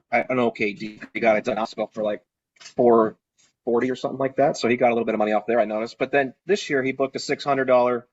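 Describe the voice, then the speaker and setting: A man who owns a party rental business tells a casual story on a video call, his voice mid-range. He's animated and acts out the lines he said back then. The audio has no room sound and its highs are cut off.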